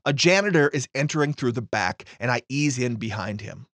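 A man's voice: medium pitch, animated, brisk, fairly bright tone, dry recording. Dry-voiced man telling a personal story. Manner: matter-of-fact, dry understatement.

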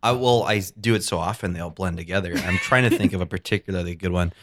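A man's voice: sits low, fast talker, a bit bright. A man co-hosting a casual podcast, loose and easygoing, talking offhand. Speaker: podcast co-host.

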